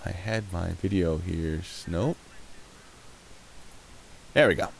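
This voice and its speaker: A man's voice: sits low, unhurried, gravelly, pauses often, husky. A man in his thirties hosting a live stream, chatting casually and rambling while answering chat questions.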